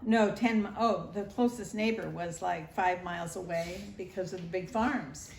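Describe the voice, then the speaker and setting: A woman's voice: fairly low pitch, normal speed, gravelly, a crowd in the background. An older woman telling a family interview about her childhood in a nostalgic storytelling manner. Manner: warm storytelling, nostalgic, acts out family voices. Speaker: grandmother sharing family memories. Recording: roomy echo, faint ambience.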